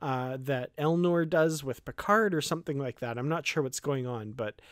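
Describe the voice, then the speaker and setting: A man's voice: mid-range voice, normal speed, no room sound, studio quality. A man hosting a fan channel, talking casually through a trailer shot by shot, thinking aloud with many fillers and restarts.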